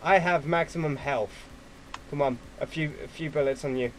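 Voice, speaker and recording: A man giving casual gameplay commentary at his computer, excitable and quick to swear at opponents. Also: on the high side, a little hiss or hum, poor audio. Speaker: gaming YouTuber.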